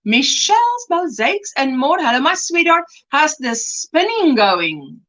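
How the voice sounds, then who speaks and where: A woman's voice: sits high, very animated, unhurried, poor audio. Bubbly woman hosting a crochet livestream. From South Africa. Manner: bubbly, greets viewers warmly by name. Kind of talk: casual livestream chat, reading chat comments.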